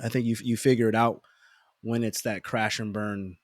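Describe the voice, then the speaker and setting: A man's voice: lowish voice, little pitch movement, normal speed, dry recording. Forties guy telling life stories on a podcast, trips over words a lot, plays out his own thoughts, dry close sound. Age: 40s. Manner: stammers and repeats words, acts out his own inner voices. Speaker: podcast guest. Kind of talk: reflective personal storytelling.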